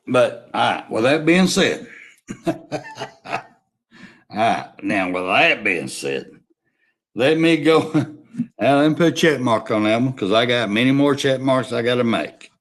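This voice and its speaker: Man, sports vlogger, slow delivery, lively swooping pitch, blunt and profane. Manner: animated, blunt, swears, rambling rant. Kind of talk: casual opinion rant.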